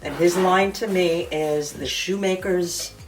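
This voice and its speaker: A woman's voice: on the low side, steady tone, takes it slowly, background noise. A middle-aged woman, a mother chatting at home in a wry, joking-complaint way. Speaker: the vlogger's mother. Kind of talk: casual family chat. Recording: home video with kitchen clatter.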